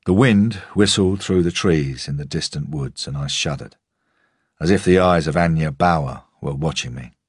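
Deep husky guy narrating a crime audiobook, measured and tense, dry close sound. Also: dry recording. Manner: measured, tense first-person storytelling.

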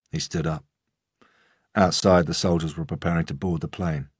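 A man narrating an audiobook in a measured, even manner. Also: low-pitched, husky, no room sound, studio quality. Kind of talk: scripted narration.

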